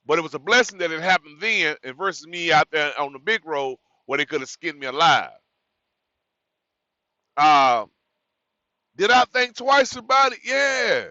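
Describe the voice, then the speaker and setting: A man's voice: fairly high pitch, sing-song, normal speed, long pauses, sharp tone, no echo, muffled recording. A man who drives trucks, giving new drivers frank, rambling advice in a casual vlog, correcting himself and repeating words as he goes.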